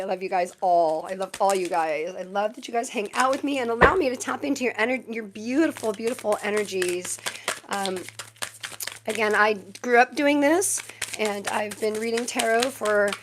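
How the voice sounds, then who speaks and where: She talks at normal speed in a mid-range voice over noisy background sound, a chatty tarot reader live streaming casually. A woman in her forties from Southern California with a Valley girl cadence, she rambles, says she's quirky with no filter, and her voice has been troubled for months.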